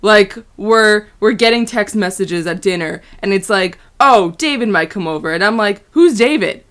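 A woman reading the lines of a chatty, admiring American man from a transcript, putting on a deeper voice. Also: lively intonation, normal speed, fairly bright tone, lightly acted. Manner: put-on deeper voice.

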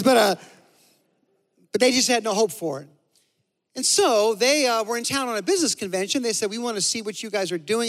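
A man preaching a sermon as a pastor, telling a story animatedly, dropping to a hush and then rising loud. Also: high voice. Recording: long hall reverb.

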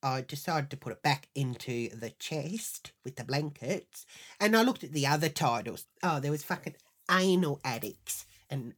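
A woman hosting a podcast, telling a crude comic story with lots of swearing and indignation. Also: low-pitched. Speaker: podcast host. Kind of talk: comedic storytelling monologue.

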